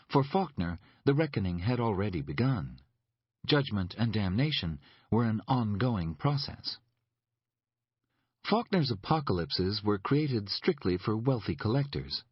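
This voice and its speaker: Man, formal excerpt reading, low pitch, husky, dry, dull lo-fi recording. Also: no room sound. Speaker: audiobook narrator. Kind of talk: scripted reading of a document excerpt.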